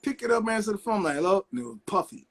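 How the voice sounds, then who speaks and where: A man's voice: high voice, fast, gravelly. A middle-aged man, a record producer, telling stories in a casual interview and acting out the people he quotes. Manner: animated storyteller acting out quotes.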